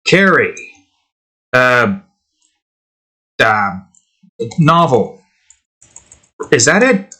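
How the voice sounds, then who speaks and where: A man talks slowly and loosely while he works on a drawing, rambling and musing to himself. His tone is bright and a little sharp, and his thoughts often trail off halfway. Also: medium pitch, big pitch swings. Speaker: channel host drawing on stream.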